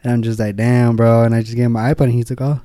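A man talking quickly in a rambling, casual way, packing his story with fillers and swearing. The sound is dry and close, with no room around it. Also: mid-range voice, little pitch movement, dark tone, no echo. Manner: rambling, full of "like" and restarts, swears freely.

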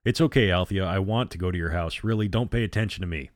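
Man reading a carefree teen girl, reassuring, low and dry. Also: quick pace, no room sound, lightly acted. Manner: light, brushing things off. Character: cheerful, reassuring teenage girl.

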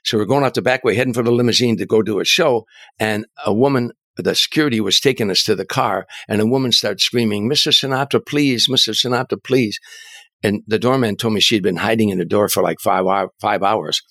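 Older man telling lively stories. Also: fairly low pitch, fast, no room sound. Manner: animated anecdotes, stammering restarts. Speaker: interview guest, comedian and author. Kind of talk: storytelling in an interview.

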